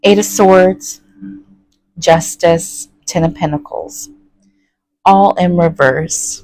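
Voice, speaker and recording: Woman, tarot reader, casual folksy chat, lowish voice, dry close sound. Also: steady tone, slow, pauses often, a little mellow, no echo, rough recording. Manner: chatty, folksy, keeps asking okay. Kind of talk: casual tarot reading to viewers.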